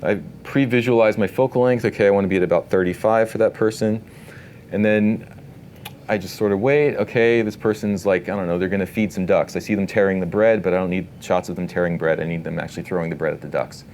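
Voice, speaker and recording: A man giving a casual live workshop talk to an audience in an event space, relaxed and talkative, full of filler words. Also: low-pitched, quick pace, a little hiss or hum. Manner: relaxed, talkative, many "like" and "you know" fillers.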